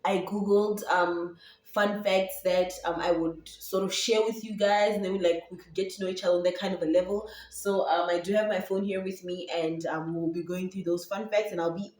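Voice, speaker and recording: A woman's voice: fairly low pitch, steady tone, normal speed, darkish tone. Young Zambian woman, Setswana twang, rambling casual vlog chat, roomy and off-mic. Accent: Setswana-tinged English. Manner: chatty, rambling, many fillers and restarts. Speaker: YouTuber and podcaster. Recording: roomy echo, voice from a distance.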